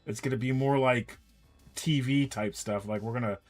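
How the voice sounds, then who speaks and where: A man in a relaxed stream chat tells a long story and quotes each person's lines as he goes. His voice sits at a middle pitch, and faint music plays behind him. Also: moderate pace. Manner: animated anecdote, quoting others in dialogue. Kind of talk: casual storytelling while painting miniatures.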